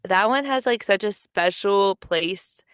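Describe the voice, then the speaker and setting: A young woman co-hosts a casual book chat, and her voice comes through smooth and clean. She tells her stories with energy and jumps up high when she acts out what people said. The sound is dry and close, with no room around it. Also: measured pace, no echo. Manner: animated storytelling, acts out quotes with big pitch jumps. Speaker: podcast co-host.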